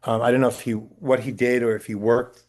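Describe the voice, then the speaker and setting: A man being interviewed about his work as a talent agent. He tells his stories in an animated, anecdotal way at an ordinary pitch. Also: a little fast. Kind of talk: casual interview.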